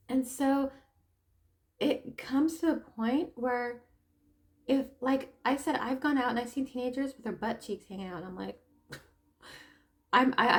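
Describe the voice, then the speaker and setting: A woman talking casually to camera, telling a story in an animated way and often stopping to laugh and add asides. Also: a little high. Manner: animated storytelling, acting out quoted people. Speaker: tarot reader and spiritual coach. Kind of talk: casual opinion monologue.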